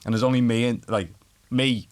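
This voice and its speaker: A young adult man with a Scouse accent, a guest guitarist telling animated stories, laughing and swearing often in casual podcast chat. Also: medium pitch, normal speed, a little hiss or hum. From Liverpool, England.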